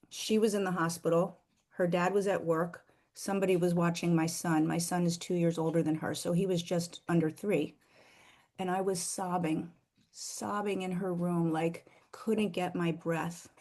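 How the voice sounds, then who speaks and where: A middle-aged woman earnestly sharing a personal faith story, slowing down for emphasis. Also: lowish voice, a little mellow. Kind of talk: heartfelt personal testimony.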